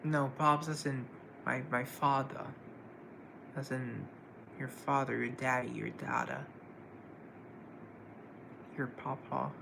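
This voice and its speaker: A man's voice: mid-range voice, little pitch movement, slow pace, creaky, long pauses, noisy background. A man hosting a live stream in a casual, chatty way, greeting viewers by name and answering their comments.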